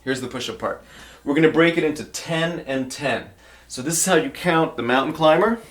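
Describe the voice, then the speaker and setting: A man's voice: on the high side, moderate pace. A male fitness trainer demonstrating exercises, encouraging beginners and counting reps aloud while getting out of breath.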